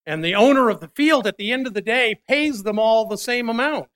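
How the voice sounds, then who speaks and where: A pastor with a notably high voice delivers a sermon, telling a Bible story in an animated way. He acts out the characters' lines with changing emphasis, at times rising and at times dropping to a hush. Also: fairly quick.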